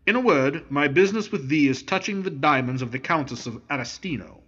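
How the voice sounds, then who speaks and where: A man's voice: fairly high pitch, expressive, a little fast, fairly bright tone, breathy edge, lo-fi sound. A man reading the part of a proud young nobleman, speaking in a cold, resolute way. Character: proud young nobleman, haughty and quick to rage.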